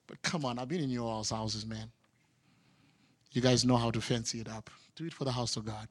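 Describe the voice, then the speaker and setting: A man from Zimbabwe preaching a sermon as a pastor, animated, swinging from loud exclamations to quiet asides. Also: medium pitch, fairly quick, in a large hall.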